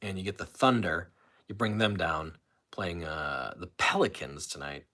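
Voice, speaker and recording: A man's voice: low-pitched, expressive, measured pace, sharp tone. A man hosting a casual live stream, rambling about sports betting and news and reading viewers' comments aloud. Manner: rambling, chatty, reads chat comments aloud.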